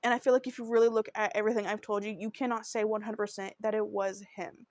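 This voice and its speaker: A woman's voice: medium pitch, level tone, fast, a little mellow, dry recording. A woman hosting a true crime podcast, narrating a case in an earnest, emotional and heartfelt way. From Oklahoma.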